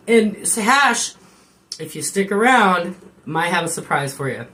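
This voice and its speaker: In a home kitchen, a woman live-streams, rambling, joking, and swearing with viewers. She speaks a little slowly in a fairly low, animated voice with a bright, forceful tone.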